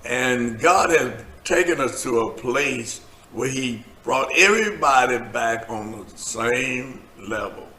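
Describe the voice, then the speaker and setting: A man's voice: mid-range voice, animated, takes it slowly, hardly any pauses, sharp tone, roomy sound, a little hiss or hum. A man hosting a casual talk show as a preacher, bantering with laughter and turning earnest and preachy when he speaks about faith. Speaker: host, preacher. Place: studio set.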